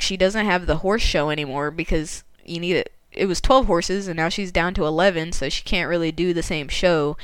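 Woman, casual story retelling, chatty, laughs often, smooth clear voice, dry sound. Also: lowish voice, a bit bright, dry recording. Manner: chatty, laughing, filler-heavy.

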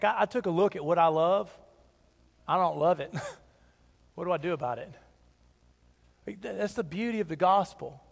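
A pastor delivers a sermon in an earnest, conversational way, leaning on emphatic repeats. His voice sits high for a man. The church sanctuary gives it a long reverb tail. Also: creaky.

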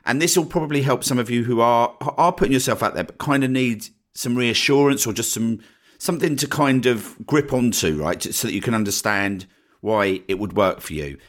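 A man with an Essex accent from northeast England hosting his own podcast, talking casually and often checking in with "right?" at the end of his points. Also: medium pitch. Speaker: podcast host. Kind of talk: casual solo podcast talk.

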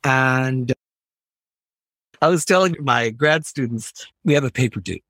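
An American man, a professor, talking in a casual interview with animated, emphatic, digressive speech. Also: medium pitch, a little slow, no echo, studio quality. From United States. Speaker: professor, podcast guest.

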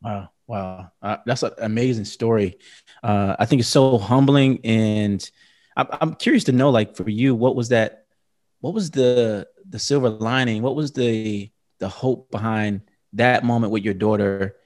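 A man hosting an interview, asking supportive, halting questions of his guest. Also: lowish voice, a little mellow. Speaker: podcast host. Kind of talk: conversational interview.

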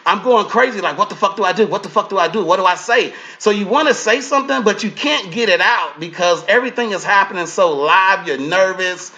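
High, bright-voiced man telling wild stories. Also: a little fast, few pauses. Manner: profane, acts out quotes in changing voices. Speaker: comedian guest. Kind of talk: animated storytelling.

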